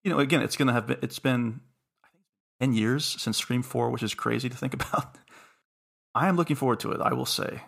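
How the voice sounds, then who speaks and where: A man's voice: mid-range voice, a little fast, creaky, a bit bright. A man hosting a casual podcast chat, musing aloud and laughing between points. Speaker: podcast host.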